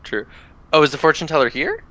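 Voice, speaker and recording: A man playing a tabletop game, chatting casually with quick, short quips. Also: a little high, huge pitch swings, bright, forceful tone, slight background noise, poor audio. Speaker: player.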